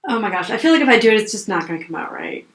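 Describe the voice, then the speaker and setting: A woman's voice: mid-range voice, expressive, very fast, fairly bright tone. A woman co-hosting, talking in an encouraging, playful way. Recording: roomy echo.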